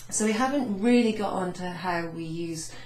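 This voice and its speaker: A woman teaching beginners French from her office, going over phrases slowly with many fillers and repeating each example. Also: lowish voice, darkish tone, echoey room, rough recording. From Wales. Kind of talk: recorded lesson recap for students. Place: home office with blinds closed.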